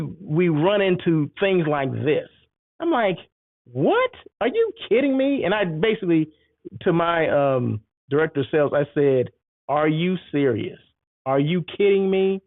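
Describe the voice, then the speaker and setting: A man talks straight to his audience in a casual monologue, acting out the back-and-forth of a story with lively energy. His voice sits a little high, and the sound is dry and thin like a phone call. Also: dry recording. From United States. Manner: animated storytelling, acts out exchanges. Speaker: host.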